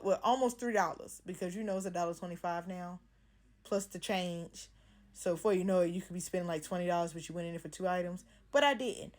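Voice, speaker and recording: A woman's voice: fairly low pitch, a little mellow. A young woman vlogger talking through a craft tutorial in a casual, playful, slangy way.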